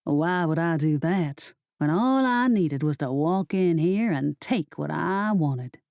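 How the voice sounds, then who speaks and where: A gloating male sorcerer , put on by a woman reading an audiobook, drawls his taunts in a low, unhurried voice. The tone is mellow and dry, each word laced with mockery. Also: lively intonation, no echo, full character voice. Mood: smug. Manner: slow, low and mocking. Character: smug scheming male sorcerer villain.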